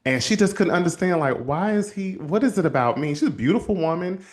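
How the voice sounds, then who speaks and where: Animated storytelling man, folksy host. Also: sits high, fairly quick. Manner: animated, addresses listeners as y'all, acts out quotes. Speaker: host and counselor. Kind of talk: casual storytelling monologue.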